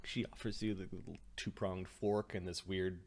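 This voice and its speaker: A man's voice: low voice, flat delivery, moderate pace, darkish tone. A man narrating a tabletop game as game master, rambling with many fillers.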